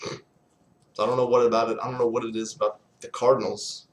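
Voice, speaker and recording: A man's voice: medium pitch, little pitch movement, fairly quick. A young man ranting in a casual vlog, exasperated, sarcastic and swearing often. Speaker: sports fan vlogger.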